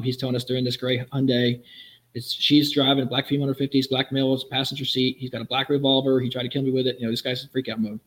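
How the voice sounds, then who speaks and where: A middle-aged man and former police officer rattles off his stories at a quick clip. He is wry and vivid, his pitch sits mid-range for a man, and he tells each tale like a practiced raconteur. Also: poor audio. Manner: brisk, vivid, wry storyteller. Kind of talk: anecdotal storytelling in a conversation.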